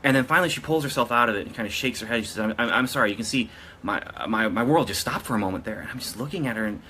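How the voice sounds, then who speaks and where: A man's voice: mid-range voice, rapid-fire, sharp tone, a little hiss or hum. A man casually telling a story to his video audience, rambling and often restarting his sentences. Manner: rambling, with frequent restarts and self-corrections. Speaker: vlogger.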